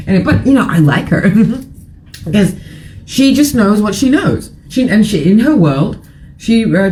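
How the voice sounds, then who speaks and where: A woman's voice: mid-range voice, dark tone, a little hiss or hum, poor audio. A middle-aged woman hosting a casual morning chat show, rambling and frank, a little tired. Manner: chatty, rambling, frank and irreverent. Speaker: live show host.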